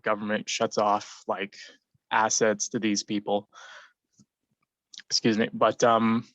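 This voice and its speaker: A man's voice: fairly low pitch, no echo. A young man giving his view in a group discussion, rambling with many fillers. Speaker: forum participant. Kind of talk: casual discussion contribution. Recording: dull, lo-fi dry mic.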